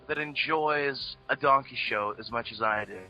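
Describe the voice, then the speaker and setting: A young man in casual chat who trolls his friends in a deadpan, mock-formal way, with crude humor. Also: mid-range voice, moderate pace, lo-fi sound, soft background music.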